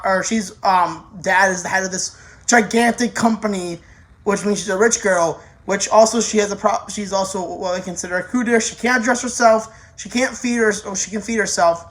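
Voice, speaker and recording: An anime reviewer giving a casual, rambling spoken review, full of restarts and offhand swearing. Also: medium pitch.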